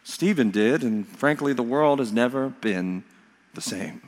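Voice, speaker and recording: A middle-aged man preaching a sermon as a pastor, slowing down to stress key phrases and breaking into storytelling asides. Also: mid-range voice, expressive. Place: church sanctuary. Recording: long reverb of a large hall.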